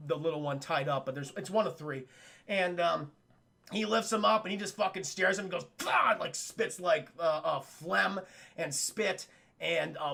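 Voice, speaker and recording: A high, bright-voiced man tearing through a film recap for his live chat. He is excitable and profane, laughs often, and slips into the characters' lines. A gravelly fry runs under his speech. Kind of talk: animated spoiler recap with quoted character voices.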